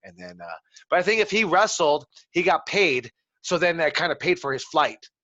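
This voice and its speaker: A man's voice: on the high side, moderate pace, dry recording, lo-fi sound. A man, chatting casually as a podcast host and telling stories animatedly with lots of slang. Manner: animated storyteller, slangy, says "bro" often. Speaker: wrestling trainer, podcast host. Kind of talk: casual chat.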